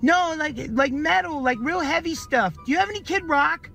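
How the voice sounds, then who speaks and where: A clip narrator voicing a moody adult female dancer who sulkily demands dark music. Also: mid-range voice, expressive, normal speed, vocal fry. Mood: sulky. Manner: sulky, demanding.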